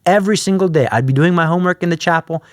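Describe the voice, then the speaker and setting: A man's voice: sits high, very fast, no echo. Guy telling his story in an interview, acts out voices, dry studio sound. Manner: animated, acts out quoted voices. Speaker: interview guest. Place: podcast studio.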